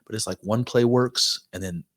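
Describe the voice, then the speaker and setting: A man co-hosting a podcast, telling stories in rambling, animated casual chat. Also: on the low side, moderate pace. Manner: rambling, animated storytelling with laughs. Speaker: podcast co-host.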